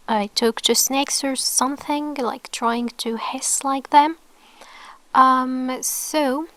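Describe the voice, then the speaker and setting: Slow, patient woman teaching letters. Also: high-pitched. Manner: patient, explains slowly with many checks of okay; often drops into a soft whisper to model sounds. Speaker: Arabic teacher. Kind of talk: online language lesson.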